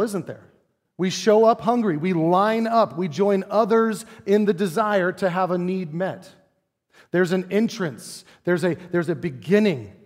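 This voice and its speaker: A forties-aged pastor with a high voice speaks playfully and conversationally from the church sanctuary, peppering his sermon with rhetorical questions for the congregation, the room sounding big around him.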